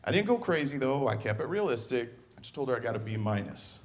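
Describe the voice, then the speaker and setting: A man's voice: mid-range voice, fast, a little hiss or hum. A middle-aged man doing stand-up comedy on a club stage, telling family stories and acting out scenes as he goes. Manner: animated storytelling, acting out scenes.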